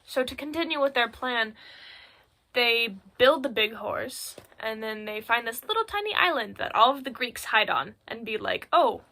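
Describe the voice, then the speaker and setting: Teenage girl, chatty and slangy, bright sharp tone, gravelly fry, phone recording. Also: on the high side, animated, moderate pace. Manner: chatty and irreverent, heavy with filler words and asides. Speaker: student presenting a school project. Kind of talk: casual spoken recap in slangy storytelling.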